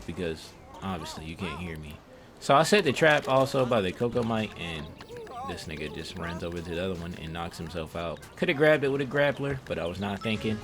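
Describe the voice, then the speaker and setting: A young man giving casual, profane, self-mocking commentary over his gameplay. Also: sits low.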